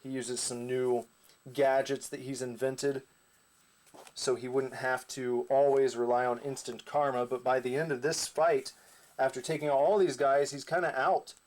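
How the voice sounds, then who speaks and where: A man's voice: medium pitch, little pitch movement, moderate pace, darkish tone, a little hiss or hum. Casual rambling male comic narrator. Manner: rambling, casual, with fillers and asides. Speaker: comic creator.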